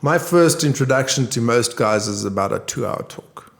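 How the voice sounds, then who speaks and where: A man's voice: mid-range voice, normal speed, gravelly. A man from South Africa, a counsellor, talking bluntly and animatedly in a conversational interview. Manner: blunt, animated, acts out quotes. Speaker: counsellor for male abuse survivors.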